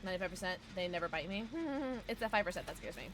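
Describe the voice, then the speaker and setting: Excitable woman streamer, lively pitch. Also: fast talker, background noise. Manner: chatty, excitable, playful. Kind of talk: casual gameplay streaming, reading chat.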